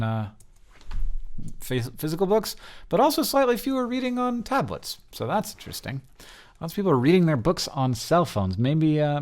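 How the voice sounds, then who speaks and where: A man's voice: medium pitch, vocal fry. Rambling man reading survey charts. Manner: rambling with many fillers and restarts. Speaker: host. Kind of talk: casual walkthrough of survey results.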